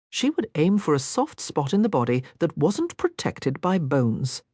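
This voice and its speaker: Woman, audiobook narrator, scripted expressive reading, low voice, lively pitch, dry close recording. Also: a little slow, hardly any pauses, dry recording.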